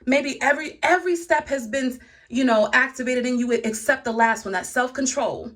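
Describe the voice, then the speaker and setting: A woman's voice: high-pitched, normal speed, a bit bright. Woman vlogger, casual spiritual talk, preachy but chatty, addresses viewers directly, rhythmic lists. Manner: preachy, speaks straight to viewers, laughs often; lists virtues in rhythmic runs. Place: indoor room.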